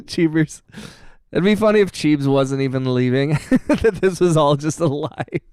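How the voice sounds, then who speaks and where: A man's voice: fairly high pitch, takes it slowly, warm tone, smooth, dry recording, clean studio sound. A young man streaming live as he makes music, chatting casually and trading teasing, laughing banter. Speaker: livestreamer making music. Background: music from his production session with brass sounds.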